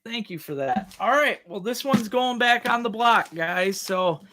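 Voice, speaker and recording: A man's voice: high voice, lively intonation, a little slow, pushed and bright, slight background noise. A man hosting a casual live-stream auction, calling out bids over and over, chuckling and greeting viewers by name. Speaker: livestream host running a tackle auction.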